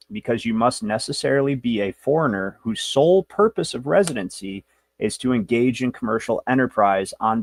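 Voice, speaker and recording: Man, gravelly low voice, brash and rambling, dry close sound. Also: dry recording. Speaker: show host. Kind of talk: livestream lecture.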